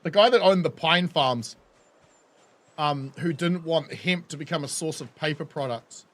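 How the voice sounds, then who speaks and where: A man's voice: on the high side, unhurried, fairly bright tone. A man with a New Zealand accent, streaming a game and chatting casually with viewers, swearing and laughing as he rants. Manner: laughing, swearing, ranting to chat. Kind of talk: casual live-stream chat.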